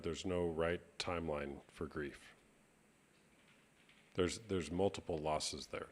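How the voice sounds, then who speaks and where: A man hosting a live stream chat, speaking in a calm, reflective coaching tone. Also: a bass voice, slow pace. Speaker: host.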